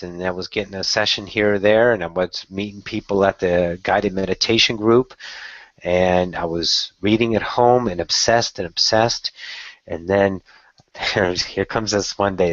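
A man casually telling a personal story in a candid, excitable way, swearing now and then. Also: deep voice, no echo, muffled recording. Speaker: channeler telling his story.

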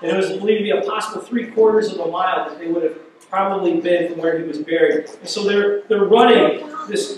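A pastor with a high voice preaches in church, and slight background noise can be heard. Vividly retelling a scripture story, he repeats words as his intensity mounts. The sound comes from a far-off mic in a reverberant hall.

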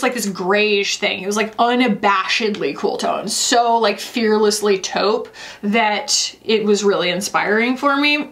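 A woman's voice: mid-range voice, a bit bright, slight background noise. A woman, a beauty vlogger chatting emphatically through a casual product review. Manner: chatty and emphatic, lots of "like" and "y'all".

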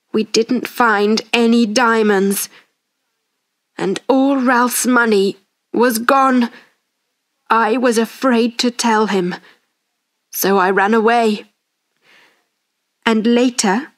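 A woman voicing a wealthy, unhappy man full of guilt and worry, speaking slowly and earnestly in a slightly high voice. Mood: remorseful. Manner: slow, earnest, remorseful. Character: grieving wealthy man, guilt-ridden, anxious.

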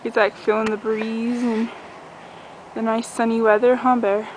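Her voice is a little high and darkish, with little pitch movement and a slightly slow pace, as this young woman vlogs casually from a backyard trampoline, rambling and giggling. Outdoors, a dog barks nearby, and the camcorder recording is noisy.

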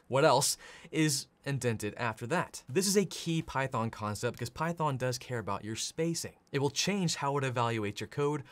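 A man in his thirties teaching programming in an energetic, playful way, often laughing and shouting out example lines. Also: medium pitch. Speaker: programming instructor. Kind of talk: energetic tutorial narration.

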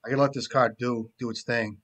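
A man with a middling voice talks his way through a card game, swearing freely and kidding around. He often drops into quiet mumbles as he thinks through a move, then picks back up in a casual, joking tone. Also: steady tone, fast. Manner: profane, joking, trailing off into low mumbles. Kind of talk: casual commentary while playing.

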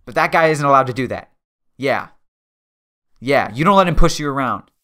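A man's voice: mid-range voice, animated, moderate pace, pushed and bright. Joking young man narrating his game.

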